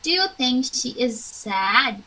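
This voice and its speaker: A young woman with an Indian English accent teaches an online English class, speaking slowly and clearly and acting out encouraging examples. Her voice is on the high side, expressive and sharp-toned, captured in a low-quality recording with slight background noise.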